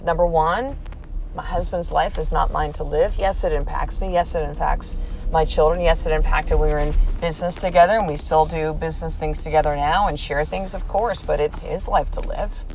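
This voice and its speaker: Swearing, animated woman podcast host. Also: sits low, normal speed, slight background noise, low-quality recording. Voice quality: swears freely, animated storytelling. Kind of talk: casual solo podcast monologue.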